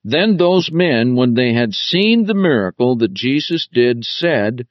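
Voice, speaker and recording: A man teaching through the Bible verse by verse, deliberate, stressing key words as he explains them. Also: medium pitch, big pitch swings, no echo, muffled recording.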